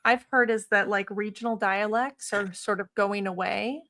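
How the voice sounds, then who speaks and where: A woman's voice: mid-range voice, steady tone, normal speed, fairly bright tone. Woman co-host asking a hesitant question. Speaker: podcast co-host. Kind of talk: casual interview chat.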